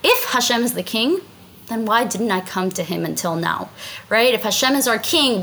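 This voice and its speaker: A woman's voice: a little high, bright, forceful tone, slight background noise, low-quality recording. A woman teaching a Talmud story in a chatty way, translating Aramaic lines and often asking "right?". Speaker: Torah class teacher.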